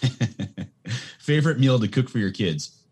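A man co-hosting a parenting podcast, laid-back and quick to laugh while asking questions. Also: medium pitch, expressive, a little mellow, slightly rough. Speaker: podcast co-host. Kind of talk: casual podcast chat.

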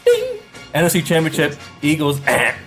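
A man's voice: medium pitch, moderate pace. A man co-hosts a loose sports podcast with a mid-range voice. He runs through results with showman hype, calling out "ding" for every correct pick. Faint music plays behind him. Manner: hypes announcements, sings out "ding" on picks. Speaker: podcast co-host. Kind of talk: casual sports podcast chat.

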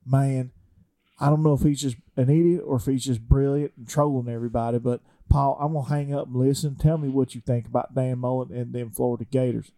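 Man doing a rambling South Georgia call-in fan, drawling, dark mellow tone, comedic podcast bit. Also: mid-range voice, flat delivery, fairly quick, close to an everyday voice.

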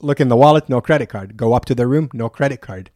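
A man's voice: medium pitch, quick pace, a little mellow. A man on a podcast telling a travel story in casual chat, acting out the people he quotes and laughing often.

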